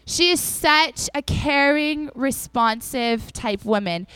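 In a dry recording, a young female preacher with a high-sitting voice speaks at a slow pace. Her sermon to the congregation is casual and chatty, and she animatedly acts out the people in her stories.

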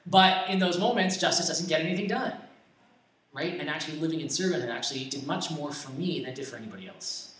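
A man's voice: fairly high pitch, lively intonation, fast, a bit bright. Young man preaching in an echoey room. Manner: rambling, conversational, many fillers and restarts; self-deprecating humor. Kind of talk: informal sermon with personal stories. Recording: echoey room, distant mic, faint ambience.

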